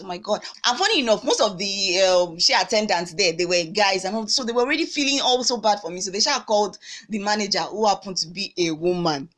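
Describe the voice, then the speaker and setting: A woman's voice: mid-range voice, fairly quick. A young Nigerian woman with a Nigerian accent, telling a story to camera in a casual vlog, acting out the dialogue with local slang. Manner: animated, acts out dialogue with pidgin slang. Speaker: vlogger.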